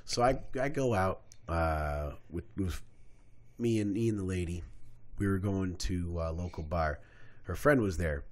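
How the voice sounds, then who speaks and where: A young man co-hosting a podcast, telling a story among friends in a casual, animated way, acting out quotes and swearing freely. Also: low voice, unhurried. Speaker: podcast co-host.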